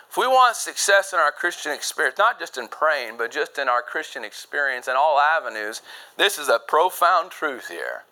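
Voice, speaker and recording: A man preaching with a bright, forceful tone that sits a little high for a man. He swings between loud emphatic points and quiet low asides. He reads scripture quickly in old-fashioned phrasing. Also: sing-song, poor audio. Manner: reads scripture in fast King James phrasing. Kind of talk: sermon.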